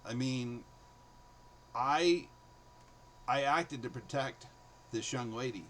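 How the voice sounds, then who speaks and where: A man's voice: mid-range voice, takes it slowly, slight background noise, poor audio. A man, a former teacher, telling stories from his classroom days in a casual monologue, acting out the students' lines. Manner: animated, acts out students' voices in quotes.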